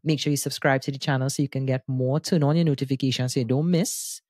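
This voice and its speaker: A man hosting a music podcast, explaining his views with animated enthusiasm in casual discussion. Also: mid-range voice, fast, no echo, studio quality. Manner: animated, enthusiastic explainer who breaks into sung bits. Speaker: podcast host.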